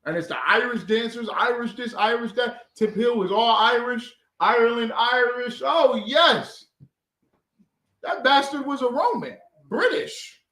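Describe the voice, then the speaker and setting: A man leading an informal scripture class, talking in a mocking, animated, slangy way. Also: extremely high pitch, unhurried. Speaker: class leader. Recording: echoey room.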